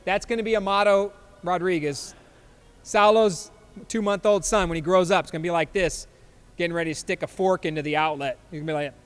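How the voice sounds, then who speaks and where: A man's voice: sits high, fairly even intonation, fairly quick, clean tone, long reverb tail. A man in his fifties hosting a podcast, reacting to memes in a loose, joking way and laughing often. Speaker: podcast host. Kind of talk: casual chat reacting to memes.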